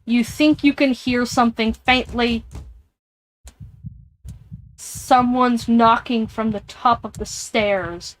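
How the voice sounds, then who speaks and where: A woman streamer playing a game, reading its text aloud and reacting with jumpy, scared comments. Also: fairly high pitch. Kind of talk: live-streamed game playthrough. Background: headphones on, alone in a room.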